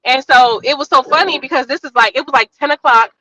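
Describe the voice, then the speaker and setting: A woman comedian with a high, bright voice, chatting as a guest on a podcast. She tells her stories in an animated, profane way. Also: fast talker, rough recording. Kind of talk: casual podcast chat, storytelling.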